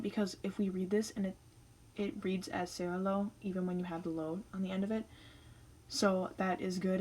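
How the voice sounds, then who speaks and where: A woman's voice: medium pitch, darkish tone, a little hiss or hum, rough recording. A young woman teaching Spanish grammar in a casual, chatty explainer style, walking through each step.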